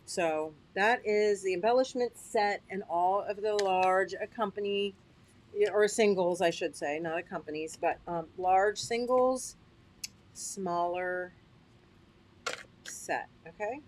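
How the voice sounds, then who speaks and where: A woman's voice: medium pitch, slow. A woman hosting a casual livestream, chatty and upbeat, who often checks in with her listeners and laughs at herself. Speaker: host. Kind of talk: casual livestream product demo.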